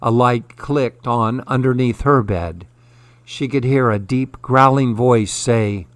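Slow, measured male horror narrator. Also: medium pitch, dry recording. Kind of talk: scripted horror story narration.

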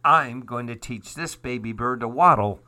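A man's voice: medium pitch, moderate pace, bright, forceful tone. A man reading a storybook aloud, voicing a proud, stubborn male goose who huffs and argues. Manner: stubborn, huffy, self-important.

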